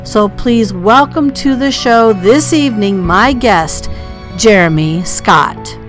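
Woman, podcast host, mid-range voice, upbeat welcomes, drawn-out name reads, faint music. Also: medium pitch, lively intonation. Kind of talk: podcast introduction.

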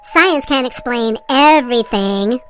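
A woman playing a high, taunting unseen ghost. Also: slow, fairly bright tone, faint music behind. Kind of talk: spooky intro clip.

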